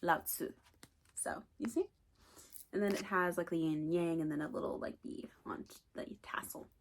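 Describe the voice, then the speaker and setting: A young woman chatting excitedly in a casual vlog, gushing, gasping and dropping into whispers. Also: fairly low pitch, normal speed, noisy background. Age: young adult. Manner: gushing, excitable, repeats herself, gasps and whispers. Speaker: booktuber.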